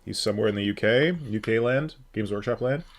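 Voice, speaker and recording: A man's voice: lowish voice, fairly quick, slight background noise. A man hosting a casual live stream, joking and reading out viewers' names. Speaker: stream host.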